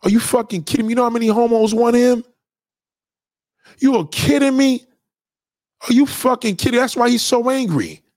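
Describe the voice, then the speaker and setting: A man's voice: very high voice, normal speed, pauses often, darkish tone, dry recording, studio quality. A man ranting to viewers in a profane, preachy and conspiratorial way, repeating himself for emphasis. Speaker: vlogger giving opinions. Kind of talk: profane rant to camera.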